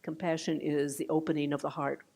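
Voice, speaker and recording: An older woman giving a meditation talk, gentle and unhurried, with soft trailing phrases and restarts. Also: sits low, level tone, gravelly. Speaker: meditation teacher. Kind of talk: dharma talk. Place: meditation hall.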